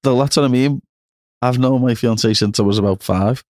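A man's voice: medium pitch, normal speed, a little mellow, dry recording, studio quality. A young man with a Liverpool accent, chatting as a podcast guest and tagging on "know what I mean". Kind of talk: casual chat.

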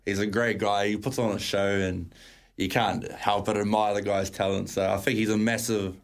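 Laid-back, lower-voiced New guy. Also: flat delivery, normal speed, vocal fry. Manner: laid-back, rambling, full of fillers. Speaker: studio guest, darts player. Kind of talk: casual chat.

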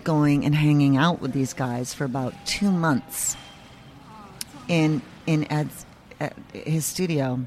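A low-pitched woman chats as an interview guest, telling a story in a loose, animated way and cursing casually. She acts out the people she quotes. There is a faint hiss behind her. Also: slow. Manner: animated, swears freely, acts out quoted voices.

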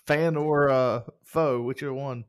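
A man's voice: mid-range voice, fairly even intonation, unhurried, clear, resonant tone. A man co-hosting a casual podcast, playful and joking as he reads reviews. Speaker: podcast co-host.

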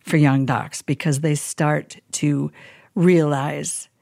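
A woman chaplain telling stories in a casual podcast interview, animated and acting out the people she quotes. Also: sits low, takes it slowly, vocal fry, no room sound, clean studio sound. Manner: animated storyteller who acts out quoted people.

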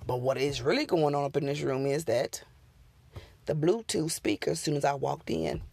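A woman's voice: sits low, moderate pace, gravelly, darkish tone, breathy edge, no echo. A woman on her podcast telling a true ghost story in a casual, folksy way, talking straight to her listeners.

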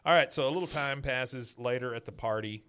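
A man in a casual podcast chat, recapping a cartoon episode as a relaxed storyteller who acts out quotes and laughs often. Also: medium pitch, fairly quick, smooth. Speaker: podcast host.

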